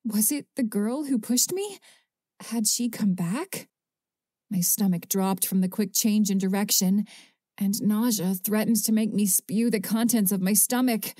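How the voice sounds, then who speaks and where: A woman narrating a first-person audiobook in a measured, even storytelling manner, close to a studio mic. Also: mid-range voice, no room sound.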